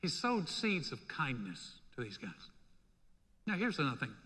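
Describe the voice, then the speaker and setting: A male pastor preaching a sermon in a church, in a lively, conversational way. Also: mid-range voice, moderate pace, breathy edge. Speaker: senior pastor. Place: church sanctuary. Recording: long reverb in a hall.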